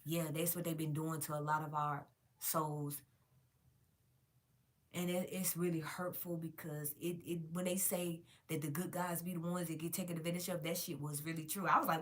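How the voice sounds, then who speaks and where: A woman's voice: deep voice, flat delivery, moderate pace. A woman vlogging to her viewers in a casual, emphatic and profane rant, calling them y'all.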